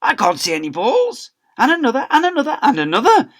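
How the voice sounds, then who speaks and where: A man voicing a booming, grumpy male schoolteacher in a storybook reading aloud. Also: wildly swooping pitch, fairly quick, exaggerated voice. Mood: thundering angry. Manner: booming, shouting. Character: bellowing grumpy male schoolteacher, ball-obsessed.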